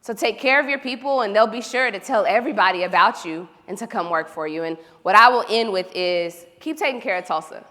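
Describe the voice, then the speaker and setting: A woman from Oklahoma, giving an animated, storytelling keynote speech and talking straight to the audience. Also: mid-range voice, a little fast, hardly any pauses. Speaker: keynote speaker. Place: large hall. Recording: reverberant event hall.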